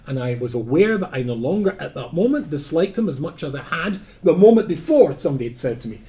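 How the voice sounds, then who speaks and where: An older man with a Scottish accent teaches as a rabbi, mixing anecdotes and wry humor. His voice sits a little high and moves all over the place in pitch. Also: fast talker. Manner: animated storytelling with humor and asides. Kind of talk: lecture.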